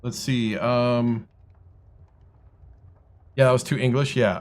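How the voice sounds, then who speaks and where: A man's voice: medium pitch, steady tone, slow pace, long pauses, darkish tone, slight background noise. Man muttering through a gameplay stream. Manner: muttering to himself while trying voices. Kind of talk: casual gameplay livestream chat.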